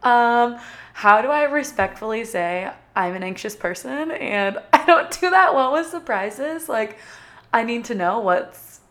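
A woman's voice: fairly high pitch, expressive, unhurried, a bit bright. Chatty young woman telling a story. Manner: chatty, bubbly, filler-heavy with frequent "like". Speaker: vlogger. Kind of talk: casual storytime.

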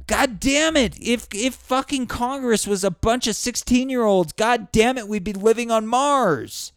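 A man in a profane political rant, angry and sweary, breaking into shouted bursts, recorded indoors. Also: high-pitched, animated, a little slow, few pauses, clean tone, no echo, studio quality. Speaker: vlogger. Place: indoors during a thunderstorm.

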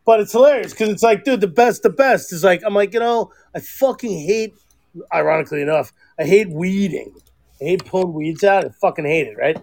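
A man hosting a podcast, telling stories in profane, animated casual chat. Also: high-pitched, fairly quick. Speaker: podcast host.

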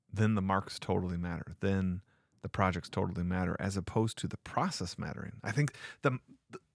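A man's voice: low-pitched, dry recording. A man who teaches sixth grade, reflecting on his class in an earnest, rambling solo podcast talk on a close mic. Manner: earnest, rambling with restarts and asides.

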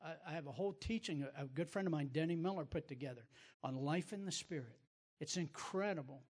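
A man's voice: fairly high pitch, brisk, darkish tone, breathy edge, big-room sound. A man hosting and teaching like a preacher, emphatic and repeating words as he builds his point. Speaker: preacher host. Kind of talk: sermon-like teaching.

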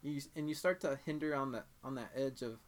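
A man's voice: medium pitch, fast. A young man in casual chat about films, rambling and restarting his sentences a lot. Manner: rambling, lots of fillers and restarts.

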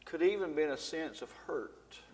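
A man's voice: on the high side, animated, moderate pace, a little mellow. A man teaching a Bible lesson, reading scripture with rising emphasis and talking folksy to the congregation. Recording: long reverb in a church hall.

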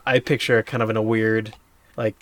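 A man co-hosting a podcast, retelling a game moment in a rambling, animated way with many fillers. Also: lowish voice, moderate pace. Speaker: podcast co-host. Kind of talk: casual chat.

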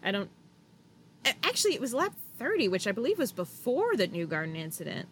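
Chatty woman co-host, bright tone, quick to act out quotes, light background noise. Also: a little high, huge pitch swings. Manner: chatty, swears, acts out drivers' lines. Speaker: podcast co-host. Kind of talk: casual chat about motor racing.

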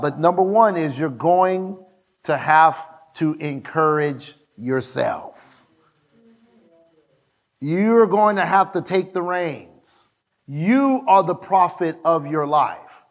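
A male pastor preaching a sermon in a church, energetically leading his congregation through call-and-response declarations and often shouting. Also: a little high. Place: church sanctuary with a live congregation.

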